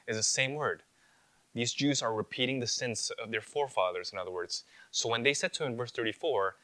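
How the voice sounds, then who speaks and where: A male pastor delivering an earnest sermon with a bright, forceful tone. He builds toward emphatic rebukes and slips into a casual voice when mimicking excuses. The sound is dry and close, with no room around it. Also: medium pitch, fairly quick, no room sound.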